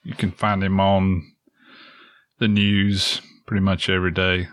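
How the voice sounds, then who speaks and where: A man co-hosts a podcast in relaxed, easygoing chat. His voice is very low and the sound is dry, with no room in it. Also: unhurried, dry recording. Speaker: podcast co-host. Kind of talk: casual chat.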